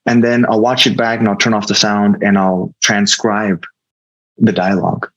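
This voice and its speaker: A man's voice: on the low side, flat delivery, normal speed, a bit bright, dull audio. A man with an American accent, an actor speaking as a guest in an interview, earnest and reflective, often restarting his sentences. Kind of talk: casual interview talk.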